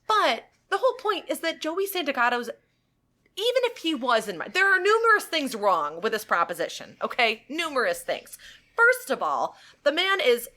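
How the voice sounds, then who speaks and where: A woman's voice: sits high, wildly swooping pitch, normal speed, pushed and bright. A woman co-hosting a podcast, telling a story in casual chat and laughing often. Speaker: podcast co-host.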